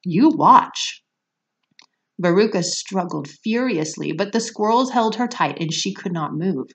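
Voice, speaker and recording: A woman teacher reads a children's novel aloud to young listeners, stopping to explain words. Her slightly low voice swings through a very lively range. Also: moderate pace.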